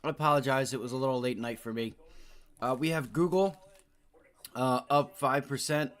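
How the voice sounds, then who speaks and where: A man's voice: medium pitch, moderate pace, a bit bright. A man hosting a live stock trading stream, chatting casually through the market news in a loose, slangy, rambling way. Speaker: stock trading livestream host.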